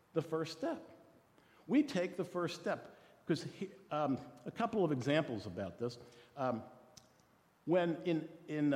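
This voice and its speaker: A man preaching a sermon in an animated, conversational way, asking the listeners rhetorical questions. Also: on the high side, in a large hall. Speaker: pastor.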